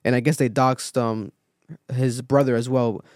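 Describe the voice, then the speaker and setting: A male podcast host in casual chat, telling a story with lively acted-out quotes and plenty of swearing. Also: mid-range voice, measured pace, no echo, clean studio sound. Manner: animated storytelling, acts out quotes, swears freely.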